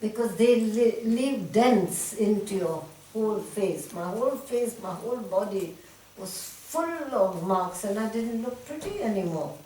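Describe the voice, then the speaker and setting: Older woman, animated storyteller, recorded far off in a roomy hall. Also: mid-range voice, a little slow. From India. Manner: animated storyteller, laughs often, lively retelling. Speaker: interviewee telling memories. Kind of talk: reminiscing conversation. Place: talk room at a centre. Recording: echoey room, distant mic, faint hiss.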